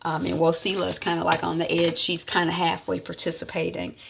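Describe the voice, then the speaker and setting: A woman's voice: lowish voice, little pitch movement, brisk, gravelly, noisy background. A woman chattily recapping an episode of a series, acting out the characters as she goes. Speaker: series reviewer. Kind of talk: casual recap of a show.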